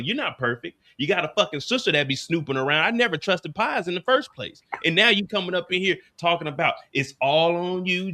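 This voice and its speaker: A man's voice: high-pitched, pushed and bright. A man acting out a wounded, furious middle-aged man ranting and cursing at his ex.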